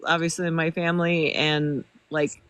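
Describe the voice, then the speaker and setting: A woman's voice: low-pitched, little pitch movement, measured pace, fairly bright tone, smooth, no echo, muffled recording. A woman from California chatting casually as a guest on a livestream, talkative and laughing often. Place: small mountain town, indoors.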